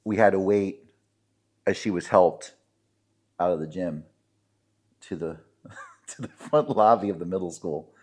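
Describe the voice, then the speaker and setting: A man's voice: low-pitched, a little slow, long pauses, a little mellow, breathy edge. A man, co-hosting a podcast and telling self-deprecating referee stories with many fillers. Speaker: podcast co-host, sports referee. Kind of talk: casual storytelling chat.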